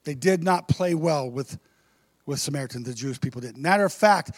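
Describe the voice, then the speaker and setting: High-voiced male pastor preaching. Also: fairly quick, dry recording, clean studio sound. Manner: conversational preaching, rhetorical questions to the congregation. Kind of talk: sermon.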